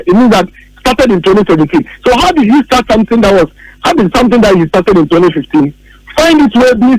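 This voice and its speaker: A man's voice: high-pitched, rough recording. A man with a Ghanaian English accent giving heated political commentary on the radio, emphatic and repeating his key phrases.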